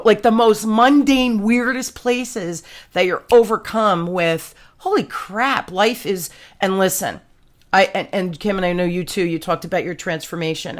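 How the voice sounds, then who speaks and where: A woman hosting a podcast, chatting casually and telling stories in an animated, exclamatory way. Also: medium pitch. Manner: animated storyteller, exclamatory, slangy. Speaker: podcast host. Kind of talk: casual chat.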